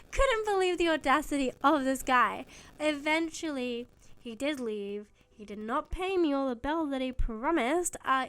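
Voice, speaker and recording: A young woman telling a casual story, chatty, laughing often and acting out both sides of the talk. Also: high voice. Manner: chatty, laughs often, quotes herself in dialogue. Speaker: gaming YouTuber. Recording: faulty mic audio.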